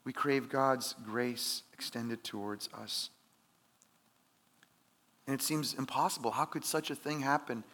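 A man's voice: medium pitch, steady tone, measured pace, long pauses, fairly bright tone. A man preaching a sermon in an earnest, conversational way, with emphatic rises. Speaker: pastor.

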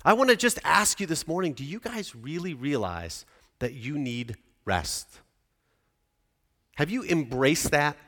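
A man's voice: on the high side, sing-song, measured pace, bright, forceful tone. A man in his forties preaching a sermon in a conversational way, often putting questions to the congregation. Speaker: pastor. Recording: reverberant church hall.

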